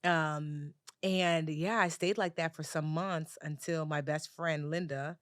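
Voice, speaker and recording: Woman, 40s, interview guest, animated storyteller, lowish voice, dry close sound. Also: slow, no echo. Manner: animated storyteller who acts out other people's voices. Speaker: guest, personal finance educator.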